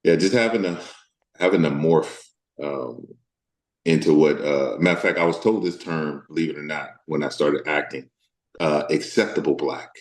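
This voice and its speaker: Very deep-voiced man in a roomy echo. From Deep South of the US. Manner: thoughtful, halting, many fillers. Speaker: actor, interview guest. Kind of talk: candid interview conversation.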